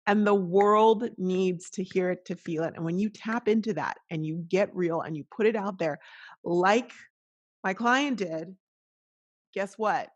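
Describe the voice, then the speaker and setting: A woman's voice: medium pitch, unhurried. A middle-aged woman hosting a podcast, talking in an earnest, emotional, motivational way with frequent restarts. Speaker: podcast host. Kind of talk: casual motivational monologue.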